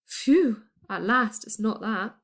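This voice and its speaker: A woman's voice: fairly high pitch, expressive, slow, a bit bright, exaggerated voice. A woman voicing a vain, whiny male goblin prince who wails and pleads in a raised voice. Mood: wailing. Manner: wailing, pleading.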